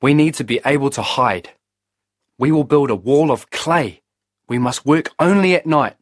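A man's voice: medium pitch, normal speed, dry recording, studio quality, pitched above the performer's own voice, lightly acted. A man voicing a bold young male trickster hero in a storybook, earnest and grand.

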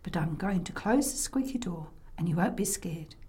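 A woman voicing an exasperated grandmother who switches between soft, hushed soothing and fed-up outbursts. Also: on the low side, expressive, normal speed, pitched below the performer's own voice, close to an everyday voice.

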